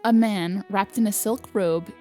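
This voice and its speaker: A woman's voice: mid-range voice, fairly even intonation, a little slow, dark tone, soft background music. A woman reading a visual novel aloud for a let's play, narrating evenly in first person. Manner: reads narration evenly, laughs between lines. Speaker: let's player.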